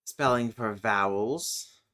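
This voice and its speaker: A man streaming casually, thinking aloud as he works, muttering and humming to himself with many hesitant pauses. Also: fairly low pitch, pushed and bright. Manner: mutters and hums to himself while working; slow, hesitant, with many fillers.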